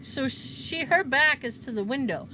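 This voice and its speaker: Animated woman telling a work story. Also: high-pitched, measured pace, a little hiss or hum. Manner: animated, acts out quoted dialogue. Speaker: podcast co-host. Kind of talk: casual storytelling chat.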